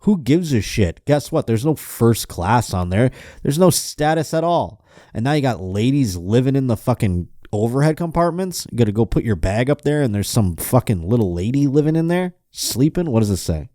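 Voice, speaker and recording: A male podcast host riffing sardonically and profanely while reading news articles aloud, running low on energy. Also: sing-song, normal speed, dark tone, no echo, clean studio sound. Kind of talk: casual comedic podcast chat.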